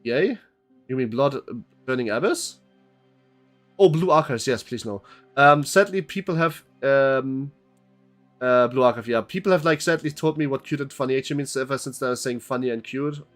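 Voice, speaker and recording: A man's voice: mid-range voice, moderate pace, fairly bright tone, soft background music. A young man streaming a game, chatting to his viewers in a rambling, joking way and reading the game's text aloud. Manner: rambling, chatty, thanks chat members, swears.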